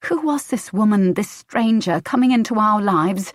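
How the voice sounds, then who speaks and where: A woman's voice: mid-range voice, lively intonation, moderate pace, no echo, studio quality. A woman reading a first-person audiobook in a tense, emotional way. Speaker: audiobook narrator.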